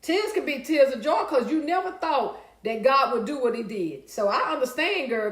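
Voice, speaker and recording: Chatty woman with a high voice in an echoey room. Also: moderate pace, few pauses. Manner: lively, chatty, breaks into song and laughter. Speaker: livestream host reading viewer comments. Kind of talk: casual live-stream chat.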